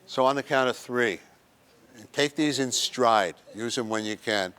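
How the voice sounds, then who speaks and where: A man's voice: mid-range voice, measured pace, fairly bright tone, smooth. A man giving a humorous motivational talk to a group in a senior center room, acting out little scenes as he goes. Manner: joking, acts out little scenes and quotes. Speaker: workshop presenter.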